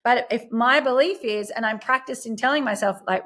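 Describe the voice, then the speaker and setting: A woman's voice: on the high side, normal speed, a bit bright. A young adult woman, a self-empowerment coach, talking earnestly and reflectively in a podcast interview and quoting her own inner voice.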